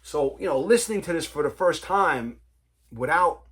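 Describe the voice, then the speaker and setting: A man's voice: fairly high pitch, animated, moderate pace, fairly bright tone, slightly rough. A man hosting a vinyl collector's vlog in a casual, rambling way. He talks with enthusiasm and keeps adding "you know, man.". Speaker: vinyl collector, channel host.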